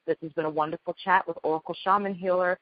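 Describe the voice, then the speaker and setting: A woman hosting a call as a spiritual healer, teaching in a gentle, earnest way and repeating her key phrases. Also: lowish voice, fairly even intonation, fast, dry recording, highs cut off. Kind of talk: spoken teaching on a group call.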